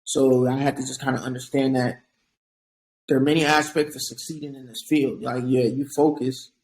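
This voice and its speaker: A man's voice: medium pitch, fairly even intonation, normal speed, a little hiss or hum, low-quality recording. A young man, a physician guest on an interview, speaking earnestly and reflectively, often repeating words as he starts a thought. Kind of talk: earnest conversational advice.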